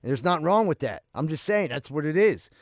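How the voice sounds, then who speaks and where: Brash animated man. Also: on the high side, fast. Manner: brash, swears, laughs often. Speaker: podcast co-host. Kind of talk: casual storytelling chat.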